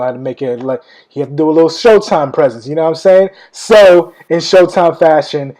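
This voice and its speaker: Rambling with many fillers and addressing his listeners as y'all, a young podcast host talks loosely and casually. He has a mid-range voice with a darkish tone, captured on a low-quality recording.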